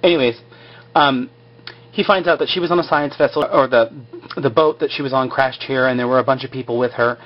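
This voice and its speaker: A man's voice: medium pitch, brisk, lo-fi sound. A man casually recapping a show over his drawings, rambling and filler-heavy.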